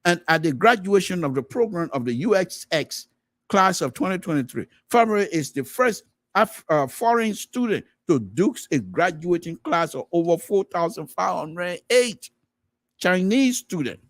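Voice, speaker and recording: A middle-aged man with a Liberian English accent, hosting a radio talk show, commenting emphatically and reading aloud with animated energy. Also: high voice, no echo, clean studio sound. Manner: animated, emphatic, quick to laugh.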